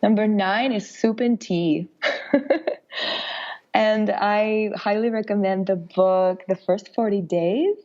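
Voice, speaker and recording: A young woman with a raspy, hoarse voice from a cold, speaking gently and reflectively as a podcast guest, with many fillers and restarts. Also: mid-range voice, slow, dull audio. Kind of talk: casual conversation.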